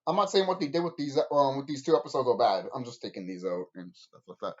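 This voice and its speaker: With a medium-pitched voice and a quick pace, a man delivers a rambling, casual video review on lo-fi audio. He swears heavily and laughs often, staying animated throughout.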